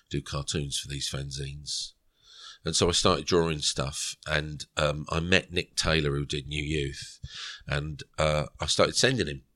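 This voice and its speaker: A middle-aged man with an extremely deep, low voice spins a rambling anecdote for a podcast. He slips into quoted dialogue as he goes. The sound is dry and close, with no room echo. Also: bright, forceful tone. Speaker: podcast guest. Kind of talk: storytelling interview.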